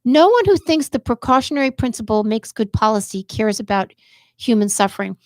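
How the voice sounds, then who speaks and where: A woman's voice: fairly high pitch, expressive, a little fast, darkish tone, dry recording. Impassioned woman host, dry sound. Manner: impassioned, restarts mid-sentence, swears. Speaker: podcast host. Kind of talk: heated livestream commentary.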